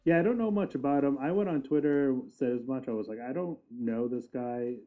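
A man's voice: medium pitch, brisk, phone-quality sound. A man co-hosting a casual wrestling podcast, joking around, laughing often and swearing casually over a remote call. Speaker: podcast co-host.

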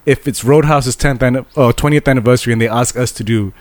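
A man co-hosting a casual chat about movies, animated, swearing and laughing as he tells stories. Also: medium pitch, fast talker, no room sound. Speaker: podcast co-host.

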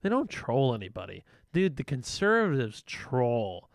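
Animated, profane young man. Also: mid-range voice, unhurried, vocal fry, dry recording, studio quality. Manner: animated, profane, mocking quoted voices. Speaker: podcast co-host. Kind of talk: casual political chat.

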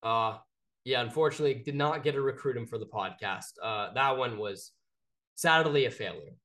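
A young man co-hosting a sports talk podcast, telling stories in a relaxed, easygoing way. He restarts his sentences often and sits at an average pitch for a man. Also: normal speed. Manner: laid-back storytelling with frequent restarts. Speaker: podcast co-host. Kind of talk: casual sports chat.

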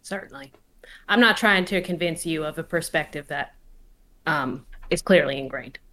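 A woman plays her character at a tabletop game. Her voice is fairly low, and she makes her case politely and at a measured pace. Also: pushed and bright. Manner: polite, measured arguing, laughs easily. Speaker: player. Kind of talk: tabletop role-play in character.

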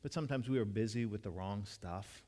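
A man's voice: fairly low pitch, fairly quick, warm tone. A man preaching a conversational sermon as a pastor, earnest and storytelling, often restarting and repeating his words. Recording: long reverb of a large hall.

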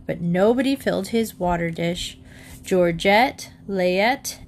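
Woman narrator, children's book read-aloud, slow and animated, faint hiss behind. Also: medium pitch. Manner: expressive, lively storytelling.

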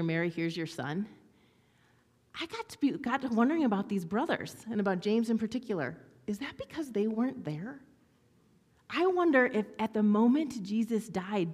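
A woman preaching a sermon in a conversational, animated way, acting out quoted lines with sarcasm. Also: mid-range voice, big-room sound. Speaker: pastor.

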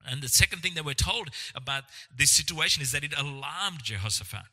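A man's voice: a little high, animated, fairly quick, pushed and bright. A man preaching a sermon as pastor, earnest and reassuring, often restarting his words. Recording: long hall reverb.

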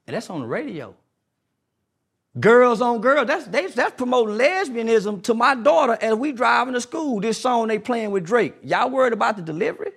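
A man with a notably high voice full of gravel and fry. He argues like a street preacher, confrontational and insistent, repeating the same rhetorical questions to drive his point home. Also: very animated, moderate pace, a bit bright. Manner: mocking impressions in a raised voice. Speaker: guest. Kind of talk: heated podcast interview.

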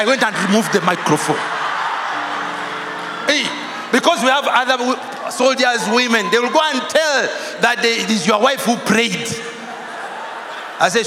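Man, pastor preaching, high bright voice, long hall reverb. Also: normal speed, noisy background. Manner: animated, acts out dialogue, shouts for emphasis. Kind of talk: preaching with storytelling. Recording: large hall with reverb, faint music.

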